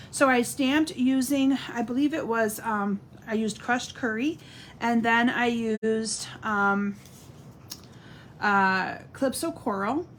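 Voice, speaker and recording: A middle-aged woman with a fairly high voice demonstrates card making on a live stream, chatting and responding to viewer comments as she works. There's a slight hiss or hum in the audio.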